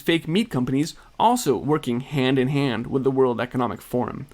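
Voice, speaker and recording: A man's voice: medium pitch, moderate pace, a little mellow. Man narrating pointed news commentary. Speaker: video narrator.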